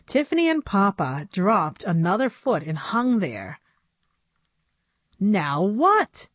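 A woman narrating a children's storybook in a measured, expressive way. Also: mid-range voice, no room sound. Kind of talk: storybook reading.

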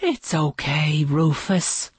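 A woman's voice: low voice, animated, takes it slowly, breathy edge, no room sound, heavily acted. A woman voicing a glamorous, gracious lady dog who is a movie star, speaking in a grand, theatrical way.

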